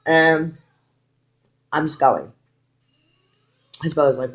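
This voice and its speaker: A woman's voice: fairly low pitch, a little slow. Frank, foul-mouthed young woman vlogger. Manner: frank, heavy swearing, animated retelling with quoted lines. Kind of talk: casual storytime.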